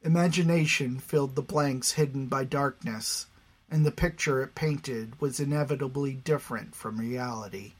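A man narrating a fantasy story in a measured, even storytelling manner. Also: mid-range voice, slightly rough. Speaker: audiobook narrator.

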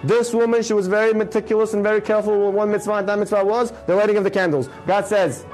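Fast, emphatic male religious storyteller. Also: sits high, steady tone, darkish tone, soft background music, rough recording. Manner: emphatic, drawing out key phrases slowly.

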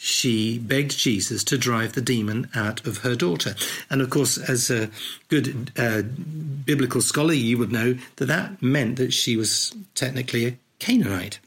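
A man hosting a podcast, teaching conversationally through a Bible passage in a thoughtful, unhurried way, explaining as he reads. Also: medium pitch, a bit bright, husky. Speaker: podcast host leading a Bible reflection.

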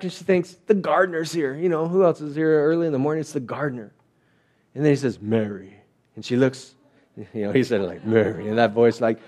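A man's voice: on the high side, a little mellow. A man preaching a sermon as a pastor, telling the story in a chatty way and acting out the quotes.

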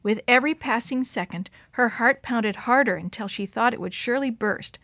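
A woman narrating a story in an expressive, dramatic reading. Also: a little high, normal speed, no room sound, studio quality.

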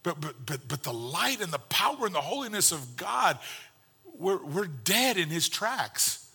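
Pastor, male, young adult, fairly high and very bright voice; passionate sermon delivery with quiet reflective stretches. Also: big pitch swings, unhurried, slightly rough. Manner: passionate preaching that swings from loud fired-up peaks to quiet tender reflection.

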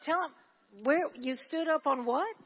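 A woman pastor preaching a sermon, telling a story with animated energy and shouting at its high points. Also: a little slow. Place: church hall. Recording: dull lo-fi recording in a church hall.

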